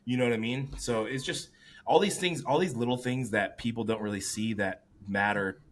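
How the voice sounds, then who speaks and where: A man and competing bodybuilder, co-hosting a casual podcast, telling stories with lots of swearing and animated quoting of others. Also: medium pitch, normal speed. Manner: profane, animated storytelling.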